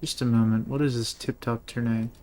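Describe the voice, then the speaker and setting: A man's voice: mid-range voice, fairly even intonation, brisk, a little mellow. A male streamer reading dialogue choices aloud and chatting casually while playing. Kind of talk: casual gameplay commentary.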